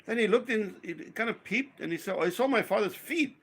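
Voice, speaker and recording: Man from South Africa, fairly high voice, casual storytelling chat, acts out the voices he quotes. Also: lively intonation, brisk, fairly bright tone, breathy edge.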